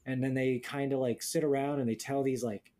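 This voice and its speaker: A young man talks casually on a podcast with a dark, mellow voice. He tells stories bluntly and sardonically. He swears freely and mimics the people he describes. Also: mid-range voice, fairly even intonation, a little fast. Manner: blunt, profane, sardonic storytelling with mocking quoted voices. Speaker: podcast co-host. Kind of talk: casual chat.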